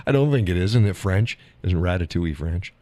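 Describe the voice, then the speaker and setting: A man's voice: low voice, warm tone, no echo. A man hosting a live stream, chatting casually with viewers in a folksy, drawling way and laughing often.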